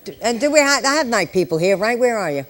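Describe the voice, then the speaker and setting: A woman's voice: fairly high pitch, big pitch swings, fast talker, a bit bright. A woman in her sixties, a veteran nurse educator, giving a live exam-prep lecture full of joking, chatty asides to the class. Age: 60s.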